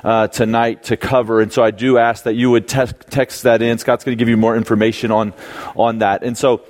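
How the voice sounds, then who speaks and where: A man's voice: mid-range voice, level tone, brisk, a little mellow. A man in his thirties, a young adult ministry pastor, giving a conversational sermon to a live audience, telling a family story and acting out quotes with frequent restarts. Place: church auditorium before a live audience.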